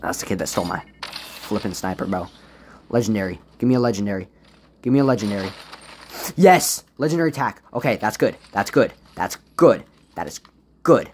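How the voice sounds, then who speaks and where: A man giving casual gameplay commentary as a gaming YouTuber, swinging between low muttering and loud, frustrated outbursts. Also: animated, a little fast, slight background noise.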